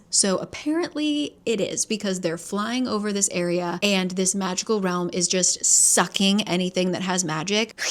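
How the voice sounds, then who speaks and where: A chatty woman recapping a fantasy book for her viewers. She talks in a loose, conversational way, full of "like" and the odd casual swear. She sits at a mid pitch and keeps the tone relaxed and informal. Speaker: book reviewer.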